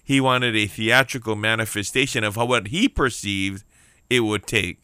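A man's voice: lowish voice, moderate pace, pushed and bright, clean tone, dry recording. A man preaching a sermon on the radio, emphatic, repeating key lines and calling out for amens. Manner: emphatic preaching with repeated phrases and call-outs for amen.

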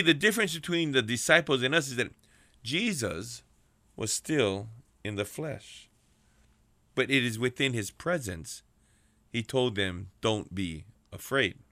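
A man preaching a sermon, with slow, repetitive rhythm and addresses to his congregation. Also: mid-range voice, bright, forceful tone, dry recording.

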